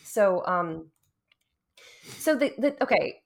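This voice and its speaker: A woman from Louisiana, co-hosting a casual chat about a video game, telling stories in an animated way and laughing often. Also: medium pitch, slow, creaky. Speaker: podcast co-host.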